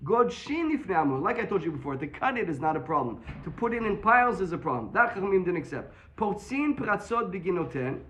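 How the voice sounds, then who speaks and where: Talmud teacher, male, high-pitched and rapid, animated explainer. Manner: quick, animated explaining, mixing Hebrew and English. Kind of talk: Talmud class.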